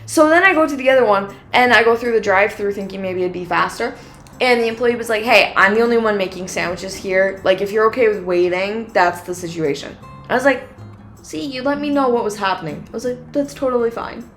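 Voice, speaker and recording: A young woman co-hosts a casual podcast and tells her story with animation, acting out both sides of a quarrel. Her pitch sits in a middle range, and faint music plays underneath. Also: fairly quick. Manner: animated storyteller, acts out quoted exchanges with many "like"s. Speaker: podcast co-host.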